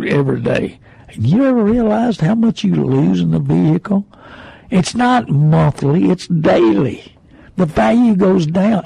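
Guy on the radio, high gravelly husky voice, dry close sound, keeps firing questions at you. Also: no room sound, rough recording. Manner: animated, mocking salesman voices, rhetorical questions. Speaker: used car dealer and radio host. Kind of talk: folksy radio talk.

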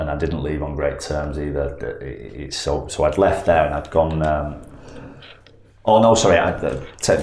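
Very deep-voiced man. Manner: rambling, self-correcting, animated when retelling. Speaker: professional footballer guest. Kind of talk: casual storytelling anecdote. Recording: echoey room, faint background noise.

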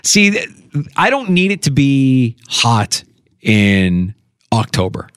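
A male sports radio host talking easygoing and chatty, looping back and restarting as he goes. His voice sits in a middle pitch and sounds close and dry, with no room around it. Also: big pitch swings, takes it slowly, fairly bright tone, smooth, no room sound. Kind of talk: casual sports radio chat. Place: radio studio.

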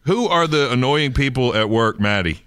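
A man's voice: mid-range voice, expressive, normal speed, a bit bright, clear, resonant tone, no echo, clean studio sound. A middle-aged man co-hosting a casual radio chat, joking and laughing easily. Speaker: radio show co-host.

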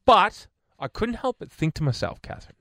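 A man's voice: high voice, big pitch swings, fairly quick, pushed and bright, no echo, clean studio sound. A man with an Australian accent co-hosting a radio show, telling stories and teasing his co-host in casual banter. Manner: storytelling, teasing, stumbles over names.

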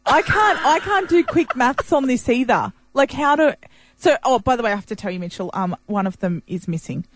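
High, lively woman co-host. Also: fairly quick. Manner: chatty, giggly, animated. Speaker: radio co-host. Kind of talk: casual radio banter.

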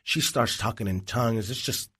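Husky man telling his testimony. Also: mid-range voice, normal speed. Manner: earnest, animated storytelling with frequent restarts. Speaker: guest, Christian evangelist. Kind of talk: personal testimony in an interview.

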